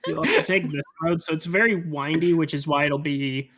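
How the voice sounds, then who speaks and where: A man acting as game master in a tabletop game over a voice call, easygoing and somewhat halting. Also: a little high, a bit bright.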